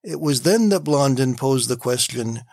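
A man hosting a short morning devotional, telling stories and reading scripture aloud with gentle emphasis. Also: medium pitch, animated, measured pace, no echo, studio quality. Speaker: devotional radio host.

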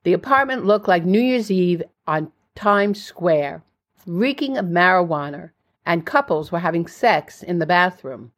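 An older woman narrating her own memoir in a plain, steady storytelling way. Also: fairly low pitch, measured pace.

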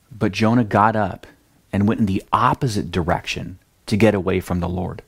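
A male pastor giving a sermon in a lively, conversational way, acting out the scenes he tells. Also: on the low side, normal speed, vocal fry, slightly rough.

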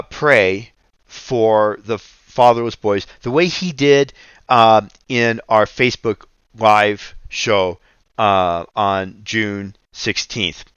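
An unhurried man leads a radio devotional, reading scripture aloud with earnest care. His low voice is smooth and resonant. The sound is dry and a little dull. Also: a bit bright, dry recording. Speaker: radio ministry host.

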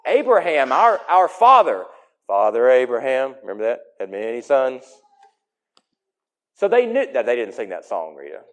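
A man preaching a sermon in an emphatic way, his voice swinging between loud and soft. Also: medium pitch, big pitch swings, normal speed.

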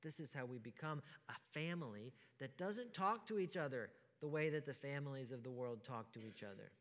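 A man preaching a sermon as pastor, emphatic, asking rhetorical questions and swinging from hushed to loud. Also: medium pitch, expressive, brisk. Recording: long hall reverb.

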